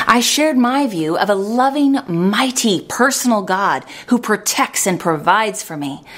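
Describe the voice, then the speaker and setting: A woman delivers an earnest sermon at a measured pace. She slows down to stress her key points, and her pitch sits in the middle range. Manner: earnest, measured preaching with slowed emphasis. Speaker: preacher.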